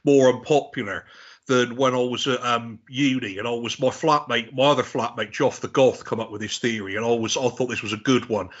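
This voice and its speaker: A man's voice: mid-range voice, steady tone, fairly quick, highs cut off. A man in his forties telling rambling, sweary stories in a casual podcast chat. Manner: rambling, sweary storytelling with restarts. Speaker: podcast guest.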